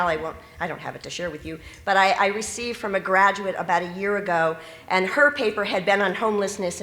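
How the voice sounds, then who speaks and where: A woman's voice: mid-range voice, pushed and bright. A middle-aged woman, a teacher educator, giving an earnest conference talk and asking the audience questions. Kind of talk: conference presentation. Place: conference hall. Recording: echoey conference room.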